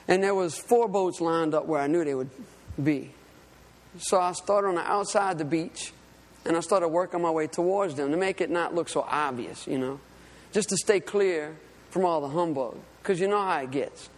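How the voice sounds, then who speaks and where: A man's voice: on the high side, long reverb tail. A man preaching a sermon, telling a personal story in an earnest, conversational way. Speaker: lay preacher and fishing guide.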